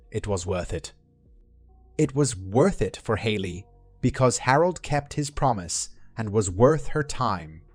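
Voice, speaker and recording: Brief: male narrator, steady story reading, middle pitch, dry booth sound, faint music under. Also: no room sound.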